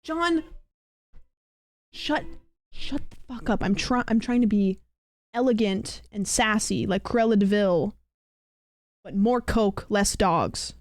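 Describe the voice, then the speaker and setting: A woman's voice: medium pitch, animated, measured pace, no echo. A woman streamer chatting casually and playfully, giggling and swearing as she talks. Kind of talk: casual livestream chat.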